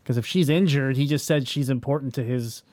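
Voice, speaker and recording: A man playing in a tabletop game, working through his plans out loud with hesitant pauses. His voice is mid-pitched and the sound is dry and close. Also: dry recording. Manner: thinking aloud, hesitant. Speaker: player. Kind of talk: casual tabletop game chat.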